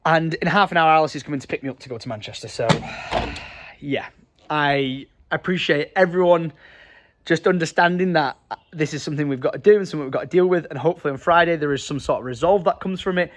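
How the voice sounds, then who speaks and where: A man's voice: fairly high pitch, quick pace, dry recording. A young man, talking casually and emotionally to camera in a vlog, earnest and full of fillers. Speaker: vlogger.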